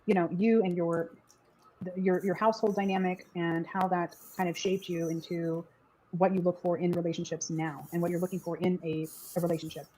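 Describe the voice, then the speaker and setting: A woman's voice: fairly low pitch, flat delivery, fairly quick, mellow, a little hiss or hum, low-quality recording. A woman interviewing a guest over a video call, hesitant and playful, often restarting her sentences.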